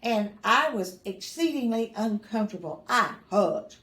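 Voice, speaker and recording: An older woman, a mother, casually tells family stories in a somewhat high, slightly bright, expressive voice, taking her time. She rambles and corrects herself, adding dry humor and small chuckles, and the sound is reverberant.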